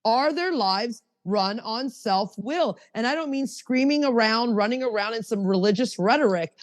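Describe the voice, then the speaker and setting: A woman's voice: on the high side, moderate pace, no echo, long reverb tail. A woman co-hosting a recovery podcast, telling stories in casual chat and acting out what others said. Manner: animated storytelling with acted quotes. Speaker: podcast co-host.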